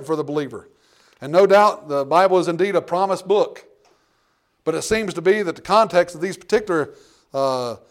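Man preaching, pastor, raised tenor-ish voice, fervent then hushed, reads scripture aloud. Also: on the high side. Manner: swings between loud fervent preaching and hushed intimate storytelling; reads scripture aloud in King James wording. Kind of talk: sermon.

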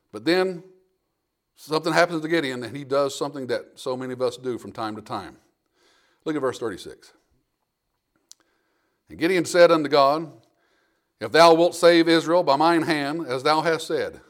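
High-voiced man preaching a conversational sermon. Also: normal speed, pauses often. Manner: conversational preaching with frequent restarts and acted-out quotes. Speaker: pastor.

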